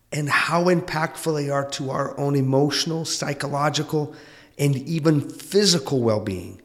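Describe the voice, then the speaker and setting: A man's voice: fairly high pitch, in a large hall. Earnest man hosting a podcast. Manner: earnest and reflective, often dropping to a soft, confiding tone. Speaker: podcast host. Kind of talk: podcast monologue.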